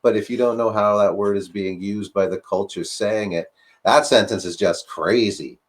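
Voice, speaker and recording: Speaking at normal speed, a fairly low-voiced man moves through a casual discussion, using rhetorical questions to push his points and leaning heavily on fillers.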